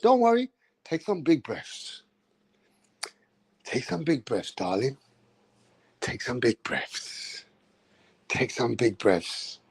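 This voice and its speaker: A gentle maternity nurse, played by a man, coaxes in a soft, slow, quiet voice. The tone sits lower and quieter than the speaker's own. The recording is dry and close. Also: wildly swooping pitch, breathy edge, no echo, exaggerated voice. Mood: coaxing. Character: gentle nurse coaching a mother in labor.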